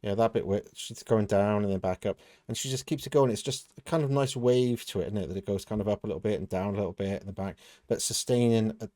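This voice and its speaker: A man's voice: lowish voice, quick pace, few pauses, dark tone, dry recording, studio quality. A man hosting a music reaction video, talking through a song in a chatty, thoughtful way. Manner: thoughtful, chatty, analytical about vocals. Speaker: music reaction channel host. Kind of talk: casual reaction commentary.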